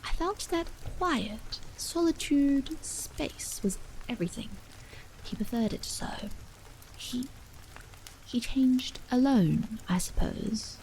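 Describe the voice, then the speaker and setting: A woman voicing a grieving, anxious middle-aged mother in a hushed, strained whispered role-play. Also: high-pitched, expressive, slow pace, a little hiss or hum, full character voice, rough recording.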